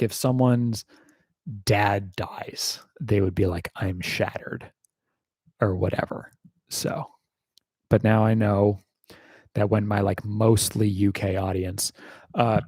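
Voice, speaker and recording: A lowish American man drawls through a casual livestream Q&A at an unhurried pace. He rambles wryly, swears now and then, and leans on plenty of ums. The sound is close and dry. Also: a little mellow, no room sound. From United States. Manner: rambling and wry, heavy on fillers, swears casually. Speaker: YouTuber hosting a livestream Q&A.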